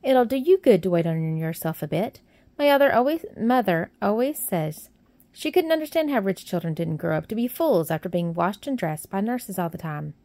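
A woman's voice: mid-range voice, lively intonation, moderate pace, darkish tone, no echo, lightly acted. A woman voicing a cheerful, plump young Yorkshire housemaid who talks in a friendly, plain-spoken way. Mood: scolding.

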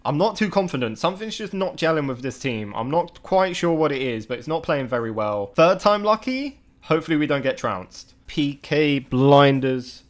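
A man giving live gameplay commentary to his chat, often exasperated and swearing in loud outbursts. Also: a little high, animated, moderate pace, hardly any pauses. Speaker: gaming video creator.

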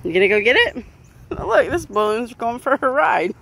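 High, sing-song woman coaxing her dog. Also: lively intonation, moderate pace, a bit bright, a little hiss or hum. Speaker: dog owner filming her pet. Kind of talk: casual chat with her dog. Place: outdoor pool.

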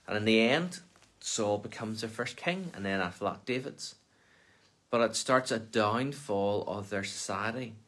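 A minister reading a Bible passage aloud for Lent, then explaining it in plain, conversational talk. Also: male voice, fairly low pitch, fairly bright tone.

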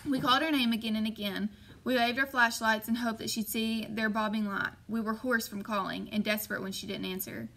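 A woman narrating a first-person novel as an audiobook, steady and measured. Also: fairly high pitch, creaky, low-quality recording.

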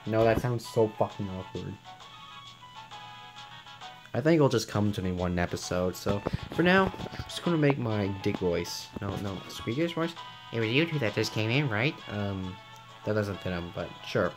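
Young man in a hushed, sweary game commentary. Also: on the low side, big pitch swings, a little slow, over music. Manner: swears a lot, stammers, half-hushed late at night. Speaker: let's play commentator. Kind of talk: casual game commentary and voicing dialogue. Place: home room at night.

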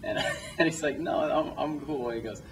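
Speaking at normal speed in a slightly high, creaky voice, a young man answers questions after his film's screening for a small audience in a cinema auditorium. The mic is distant and there's background noise. His answers ramble as loose anecdotes, full of self-interruptions, restarted sentences and frequent laughter.

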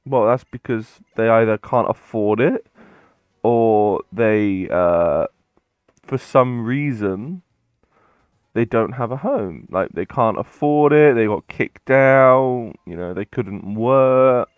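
A man's voice: medium pitch, expressive, slow, clean tone, dry recording, phone-quality sound. A man voicing a male royal guard who gives rambling, roundabout explanations. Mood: explaining.

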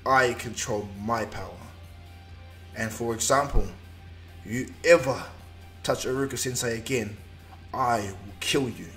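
Man doing a young male ninja, confident, defiant, mid-pitched, fan anime retelling. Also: a little slow, long pauses, a bit bright, soft background music, lightly acted. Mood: cold.

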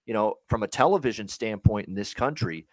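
Emphatic low-voiced sports podcast host. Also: male voice, animated, a little fast, dry recording. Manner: emphatic and opinionated, swinging loud and soft. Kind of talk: casual sports podcast chat.

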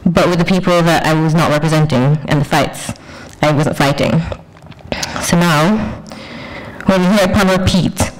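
Measured woman giving an academic paper. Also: low-pitched, low-quality recording. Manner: measured, poetic, deliberate pauses. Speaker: curator and researcher.

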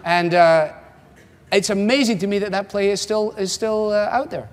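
A man's voice: sits high, fairly even intonation, normal speed. A man in his seventies with a Scottish accent, preaching a sermon in a wry, conversational way, acting out quotes. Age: 70s. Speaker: pastor. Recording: long hall reverb.

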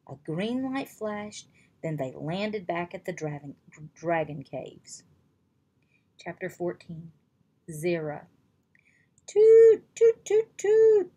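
A woman reading a children's chapter book aloud in slow, even storytelling. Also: fairly low pitch. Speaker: reader.

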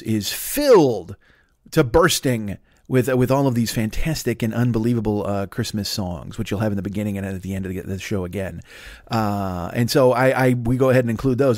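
A man's voice: medium pitch, a little mellow, dry recording, clean studio sound. A man in his forties hosting a comedy podcast, riffing in a rambling, profane monologue that loops back on its own bits. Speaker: podcast host.

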